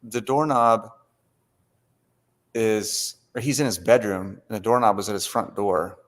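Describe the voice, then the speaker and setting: A man's voice: on the low side, unhurried. A man co-hosting a casual live-stream chat, telling blunt anecdotes with quoted back-and-forth. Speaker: co-host.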